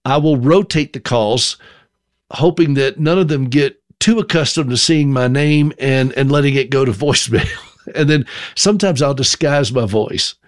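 A man's voice: medium pitch, normal speed, no echo, studio quality. Self-mocking Southern man telling a story. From South Carolina, US. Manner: folksy, self-deprecating humor. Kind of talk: storytelling monologue.

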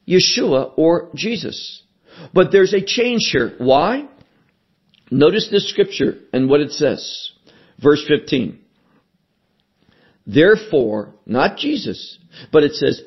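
Male pastor, husky voice, a bit high, unhurried sermon delivery; dull lo-fi recording. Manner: slow, emphatic preaching with repeated phrases.

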